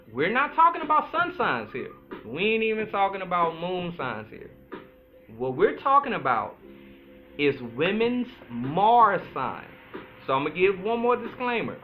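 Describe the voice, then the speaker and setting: An animated, high-pitched man, a podcast host and astrologer, talks casually on his own in a chatty, playful way, drawing out some words slowly. The sound is tinny, like a phone line, with faint music behind him.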